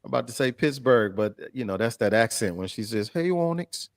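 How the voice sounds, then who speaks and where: A man hosting a casual live-stream chat. He sounds animated, laughs a lot and reads viewer comments aloud. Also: fairly low pitch, a little fast, vocal fry, no echo, clean studio sound. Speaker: host.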